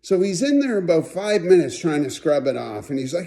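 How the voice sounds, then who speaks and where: A man's voice: fairly high pitch, brisk, slight background noise. A man telling funny stories about a late friend, acting out the voices in his anecdotes. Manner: folksy, animated storyteller acting out quotes. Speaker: friend giving a tribute. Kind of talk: storytelling tribute.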